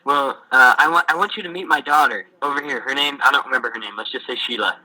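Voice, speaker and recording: A man's voice: medium pitch, fast, bright, forceful tone, rough recording. A young man voicing a middle-aged father who eagerly and insistently pushes his daughter on a visitor, overly polite.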